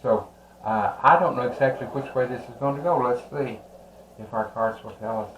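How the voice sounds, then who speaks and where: A man giving a slow, rambling tarot card reading, pausing often with "uh". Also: medium pitch, fairly bright tone, reverberant, a little hiss or hum, low-quality recording. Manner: slow, rambling, with many "uh" pauses. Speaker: tarot reader.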